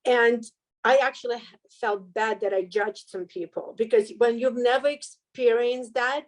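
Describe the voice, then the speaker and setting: A middle-aged woman with a fairly high voice tells her own story as a guest on a talk show. She speaks in a candid, heartfelt way, often laughing through painful moments. Her manner stays earnest and open throughout. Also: steady tone, a little slow, poor audio. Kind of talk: emotional personal testimony.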